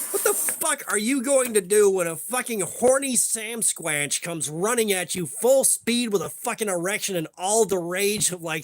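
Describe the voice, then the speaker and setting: A young man hosts a relaxed livestream, swearing freely and greeting chatters by name. His voice sits high for a man, and a faint hiss runs underneath. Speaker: livestream host. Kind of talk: casual livestream chat.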